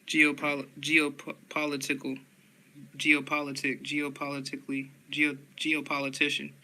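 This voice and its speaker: A man slowly reading dictionary headwords aloud in a flat monotone, often restarting words. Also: a little high, poor audio.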